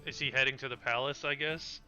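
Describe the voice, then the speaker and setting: A man playing in a tabletop game, eager and talkative, stumbling over his words when rushed. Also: mid-range voice, steady tone, loud music behind the voice. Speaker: player. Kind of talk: casual tabletop game play.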